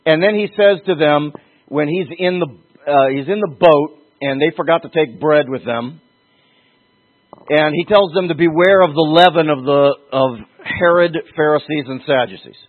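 A male preacher with a fairly high, husky voice delivers an emphatic sermon. He jumps up in pitch and drags out the words he wants to land. The sound is thin and tinny, like a phone line. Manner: emphatic, with sudden pitch leaps and slowed stresses.

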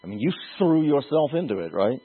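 A man preaching a sermon as pastor, earnest and emphatic, with pauses and restarts. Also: medium pitch, big pitch swings, slightly rough. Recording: tinny phone-like lo-fi sound.

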